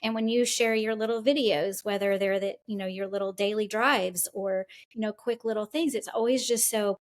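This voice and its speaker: A woman's voice: medium pitch, fairly even intonation, moderate pace. A woman co-hosting a podcast who talks in an effusive, openly emotional way during casual conversation. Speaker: podcast co-host.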